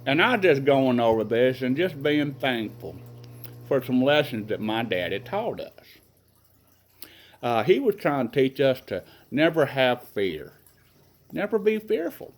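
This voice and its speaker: A man's voice: medium pitch, very animated, measured pace, rough recording. A middle-aged man casually telling rambling, earnest stories from his childhood in a folksy way. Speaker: vlogger telling family stories. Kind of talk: casual personal storytelling.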